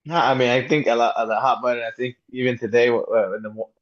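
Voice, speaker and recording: Podcast cohost guy, stop-start slangy talk, middle pitch, muffled lo-fi audio. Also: level tone. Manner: halting, many restarts, slangy. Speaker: podcast co-host. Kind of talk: casual chat. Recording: dull lo-fi sound.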